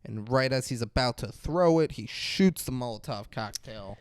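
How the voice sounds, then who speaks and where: Podcast co-host, male, lively pitch, dry close sound, profane storyteller who acts out scenes. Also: normal speed, clear, resonant tone, no echo. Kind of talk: casual movie review chat.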